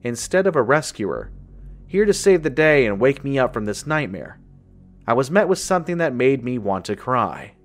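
A man telling a first-person horror story in a steady, measured way. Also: mid-range voice. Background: faint music.

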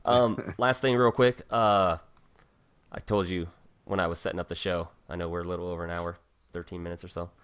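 A man hosting a casual interview show, relaxed, laughing often and repeating words as he gets going. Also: deep voice, fairly quick, smooth. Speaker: podcast host.

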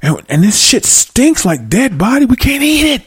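A man voicing an enraged middle-aged father who yells and curses at his family in a high, strained voice. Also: huge pitch swings, normal speed, slightly rough, exaggerated voice. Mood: furious. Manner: shouting, cursing, high strained yell.

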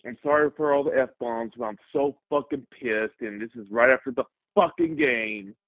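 A man's voice: mid-range voice, moderate pace, no echo. A man from Fresno, California, calling in to a sports radio show, angry and swearing as he rants. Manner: angry, profane, agitated ranting. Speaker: caller. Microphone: phone. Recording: tinny phone line.

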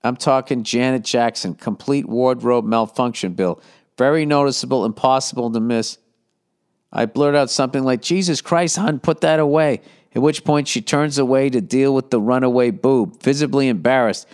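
Reading letters from listeners on his podcast, this man dishes out blunt, profane, rambling advice with mock exasperation. His voice is mid-range, clear and resonant with a darkish tone, at a normal speed.

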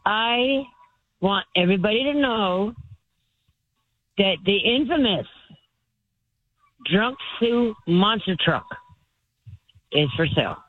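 A woman's voice: mid-range voice, expressive, slow pace, long pauses, no room sound. A woman calling in to a talk radio show from her front porch, chatty and sarcastic. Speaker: regular caller. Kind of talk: casual phone-in chat. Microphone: phone. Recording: dull lo-fi phone line. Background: wind chimes.

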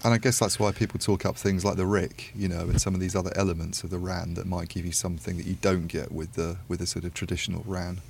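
A man with a very deep, gravelly voice talks in a flat, even way as he chats on a podcast. He thinks aloud and wanders through asides, and he sounds unhurried. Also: slight background noise. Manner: thoughtful, rambling with many asides. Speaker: podcast panelist. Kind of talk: casual analytical discussion.

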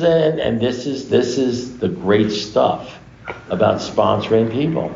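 A man speaking to a recovery meeting, telling a long story in an animated way, acting out the dialogue and swearing freely. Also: medium pitch, slow, gravelly, a little hiss or hum. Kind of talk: storytelling talk to an audience. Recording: echoey room, dull lo-fi sound.

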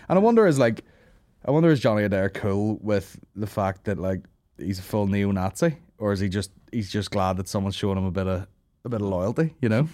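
A man's voice: lowish voice, fairly quick, dark tone, no echo, studio quality. A young man with a Northern Irish accent, hosting a comedy podcast, swearing freely, laughing and slipping into mocking voices. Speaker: podcast host.

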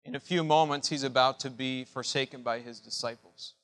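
A man preaching a sermon with passion, dropping to a hush and then rising to loud cries. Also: mid-range voice, fairly even intonation, brisk, long reverb tail. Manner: impassioned preaching, swinging from hushed to loud. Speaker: pastor.

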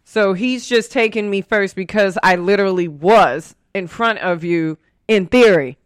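A woman co-hosting a radio talk show, telling stories in a lively, profane way and acting out quotes. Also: mid-range voice, unhurried, clear, resonant tone, no echo, studio quality. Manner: animated, profane, acts out quotes. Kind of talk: casual chat and storytelling. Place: radio studio.

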